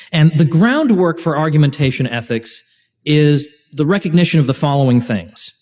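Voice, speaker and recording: A man's voice: medium pitch, a little mellow. A man giving an informal lecture to a class as host, speaking with animation, making joking asides and often restarting his sentences. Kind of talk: informal university-style lecture. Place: lecture room with a live class.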